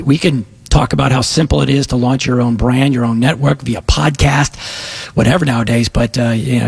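A man's voice: mid-range voice, vocal fry, darkish tone, husky. A man hosting a tech talk radio show, chatting casually and rambling with many fillers and restarts. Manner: rambling, self-interrupting, lots of fillers.

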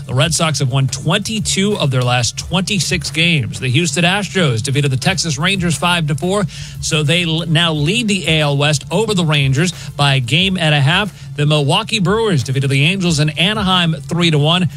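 Brisk male sports news reader. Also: a little high, a bit bright, low-quality recording. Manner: brisk, scores-reading delivery. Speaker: radio news update reader.

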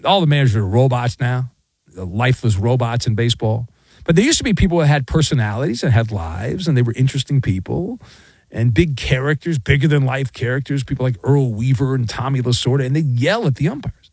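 A man's voice: mid-range voice, a little mellow, slightly rough, dry recording. A middle-aged man hosting a sports talk radio show, ranting in a sarcastic, mocking way. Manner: sarcastic, mocking, acts out quoted voices.

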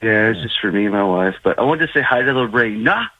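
A man's voice: lowish voice, animated, fast, bright, forceful tone, no echo, rough recording. A man calling in to a sports radio show, a frustrated, rambling fan. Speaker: caller. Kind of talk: casual call-in chat. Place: on a phone call.

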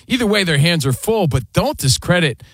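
A sports radio host with a slightly high voice keeps the banter fast and animated. His voice is close and dry, recorded on a studio microphone with no room sound. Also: breathy edge, dry recording. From US East Coast. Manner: animated, rapid, says man and dude a lot.

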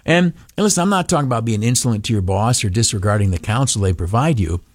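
A male radio broadcaster giving an animated motivational talk, often stopping on filler uhs and breaking into mocking high voices. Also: quick pace, no room sound, clean studio sound.

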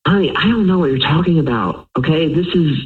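A man's voice: fairly high pitch, brisk. A man on a phone call, hesitant and stammering as he defends himself. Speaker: prank call target. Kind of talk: phone conversation. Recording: tinny phone line.

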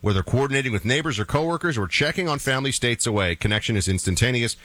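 A man hosting a talk radio show, moving from jokey banter into a brisk live ad read. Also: medium pitch, animated, bright, forceful tone, no room sound.

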